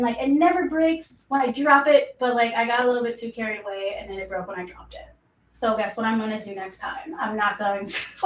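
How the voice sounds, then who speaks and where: A woman's voice: mid-range voice, a bit bright, recorded from a distance. Chatty young woman, echoey room. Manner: chatty, lots of "like" fillers. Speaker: self-help live streamer. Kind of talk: casual live stream talk. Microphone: mic set in front of her.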